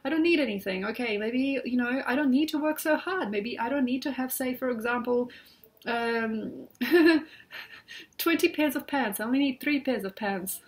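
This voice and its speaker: A woman astrologer with a slightly high voice talks from her bed at home. She rambles in a loose, reflective way, full of "like" and "you know." It sounds like a casual computer recording. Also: normal speed. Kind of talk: casual spoken astrology talk.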